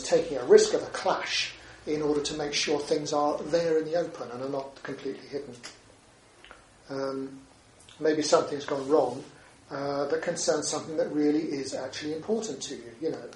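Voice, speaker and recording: Man, dharma talk, slightly high voice, chatty with tag questions, distant mic, echoey room, faint background hum. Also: darkish tone. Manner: conversational, with frequent tag questions. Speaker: Buddhist teacher. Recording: roomy echo, distant mic, faint ambience.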